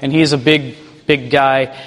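A man who leads a ministry tells a personal testimony in an animated way and chuckles as he goes. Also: medium pitch, measured pace, big-room sound. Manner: animated, chuckles while telling stories. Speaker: ministry leader.

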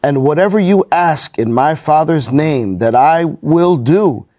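A man's voice: a little high, animated, a little slow, a little mellow, dry recording. Man reading scripture aloud, dry close sound. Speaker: study group member.

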